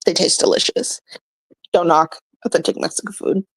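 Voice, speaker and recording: A woman's voice: fairly low pitch, steady tone, normal speed, husky, no echo, poor audio. A young American woman, a vlogger ranting bluntly and scolding her commenters, swearing freely. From United States.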